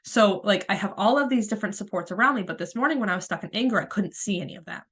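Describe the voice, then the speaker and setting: A woman with a cold, hosting a solo podcast as a spiritual coach in a gentle, chatty, rambling way. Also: medium pitch, fast talker, husky. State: has a cold. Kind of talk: casual solo podcast monologue.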